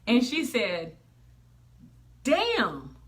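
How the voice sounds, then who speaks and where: A woman's voice: fairly high pitch, huge pitch swings, drawn-out words, a bit bright. A woman giving a motivational talk in a sassy, plain-spoken way, acting out what people say and using slang. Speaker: motivational speaker.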